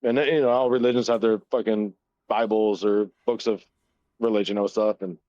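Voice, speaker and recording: A man's voice: lowish voice, steady tone, normal speed, warm tone, dry recording. A man in his thirties co-hosting a casual podcast, retelling a story loosely, swearing constantly and laughing often. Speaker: podcast co-host. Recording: dull, dry, lo-fi sound.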